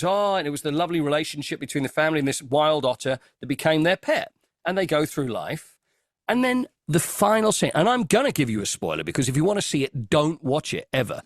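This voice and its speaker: An English man chats as a guest over a video call, acting out scenes as he tells stories. His voice sits a little high and rises and falls a lot. The sound is dry and close. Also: no room sound. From Britain. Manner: animated storyteller, acts out scenes. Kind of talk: casual chat.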